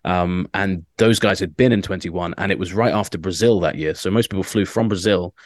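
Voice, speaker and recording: An Englishman co-hosting a casual motorsport chat, his low voice rattling along quickly. He rambles with fillers and restarts. The sound is dry and close. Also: no echo. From England. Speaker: motorsport journalist, co-host. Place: hotel room on location.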